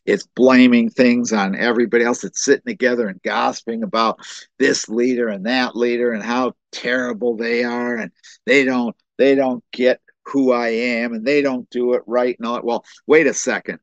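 A man's voice: medium pitch, normal speed, no echo. Preaching man, muffled dry recording. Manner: animated preaching with restarts and voiced quotes. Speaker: pastor. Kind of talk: sermon.

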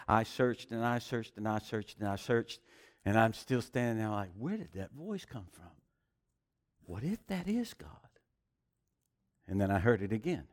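A man's voice: mid-range voice, smooth. A man preaching a sermon with emphasis, mixing scripture with personal testimony and rhetorical questions.

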